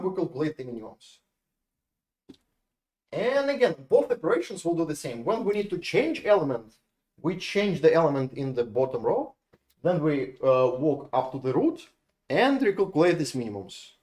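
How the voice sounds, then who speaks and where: His voice sits on the high side with a darkish tone and a sing-song lilt, moving at a moderate pace. The man, who has a Russian accent, is giving a live university lecture on code, restarting and repeating words while working examples.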